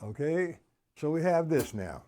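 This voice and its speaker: Slow-counting male drum teacher. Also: a little high, very animated, warm tone. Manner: counts beats aloud slowly, chats with viewers. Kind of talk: live-streamed drum lesson.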